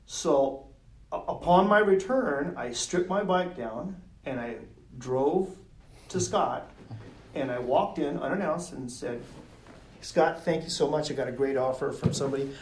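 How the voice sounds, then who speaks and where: A middle-aged man telling a story as a podcast guest, animated and quick to laugh, acting out the people he quotes. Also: a little high, recorded from a distance. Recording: roomy sound from off mic.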